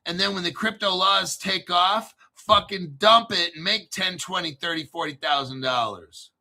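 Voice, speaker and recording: Loud sweary crypto host guy, super bright tense voice, sarcastic rant. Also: sits high, normal speed, few pauses. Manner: brash, sarcastic, swears a lot. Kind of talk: profane ranting monologue.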